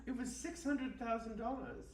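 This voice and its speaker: A woman leading an absurd, deadpan guided meditation and chatting with the host at a live bookstore event. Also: on the high side, moderate pace. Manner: deadpan absurdist, rambling with fillers. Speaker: guest performer. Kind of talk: comic improvised guided meditation and chat. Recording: roomy and distant, faint background noise.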